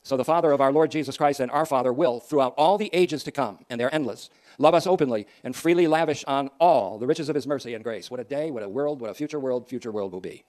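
A man preaching a sermon, swinging from loud emphatic declarations to soft, quiet asides. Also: medium pitch, fast talker, hardly any pauses. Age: older.

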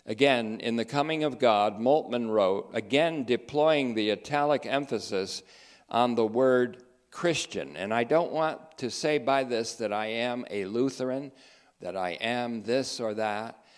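A man delivers theology commentary at a slow, deliberate pace. His tone is emphatic and sardonic, and he slows further to stress quoted passages word by word. His voice sits at an ordinary middle pitch. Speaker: teacher of a theology group.

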